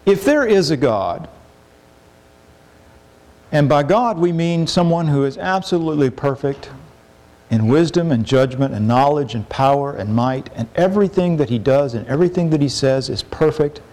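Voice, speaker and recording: A middle-aged man preaching a sermon in a conversational way, acting out quoted complaints with sudden rises in pitch. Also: animated, moderate pace, a little mellow.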